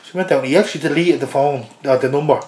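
A man's voice: a little high, racing, darkish tone, slight background noise. An Irish man, a podcast guest, telling an anecdote casually and chuckling through it. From Ireland. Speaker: interview guest. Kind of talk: casual storytelling. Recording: roomy echoey podcast audio.

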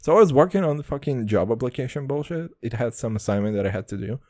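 A young man rants through his podcast monologue, swearing freely and poking fun at himself. His pitch leaps up and down all the time. The mic is close and dry, with no room sound at all. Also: animated, fast talker, darkish tone, no room sound. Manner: profane, brash, self-mocking, calls listeners boys. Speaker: podcast host. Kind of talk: casual comedic monologue.

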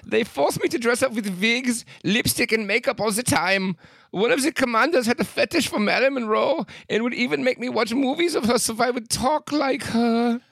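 A man putting on a squeaky German captive. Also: normal speed, vocal fry, fairly bright tone, no room sound, heavily acted. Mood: whiny, mortified. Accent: put-on German. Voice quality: high-pitched put-on voice. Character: ashamed young German male captive, squeaky.

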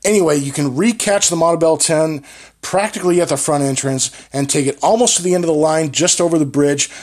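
A man's voice: a little high, brisk, a little mellow. A man delivering a dry, rambling comic monologue with sudden bursts of speed. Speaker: comedian.

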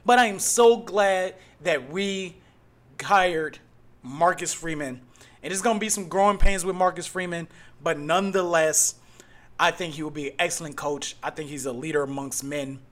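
Animated bright-voiced male podcast host. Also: fairly high pitch, moderate pace. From Cleveland, Ohio. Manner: animated, mocking rants with loud outbursts. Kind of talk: casual solo podcast talk.

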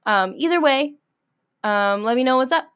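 A young woman hosting a solo podcast, ranting in an exasperated, animated way with many fillers. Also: high voice, normal speed, clean tone. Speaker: podcast host.

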